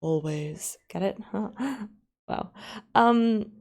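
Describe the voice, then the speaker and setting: A woman's voice: mid-range voice, drawn-out words, vocal fry, darkish tone. An Australian woman chatting casually on a live stream, rambling and giggling as she talks.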